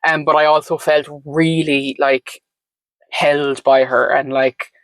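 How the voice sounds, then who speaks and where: A woman guesting on a podcast shares her story slowly in a low voice with fairly even intonation. She reflects and meanders, often saying "like" and "um," and the low-quality recording has no echo.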